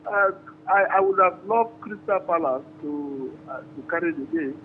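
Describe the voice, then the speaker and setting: A man calls in to a sports phone-in, speaking effusively, with flattery and repetition. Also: a little high, normal speed. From Nigeria. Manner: effusive, flattering, repeats himself. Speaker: caller. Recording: muffled phone line with faint hum.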